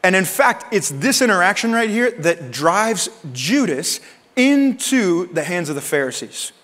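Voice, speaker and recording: A man preaching a sermon as pastor, in an animated, conversational way with casual slang. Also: sits high, a little slow, in a large hall.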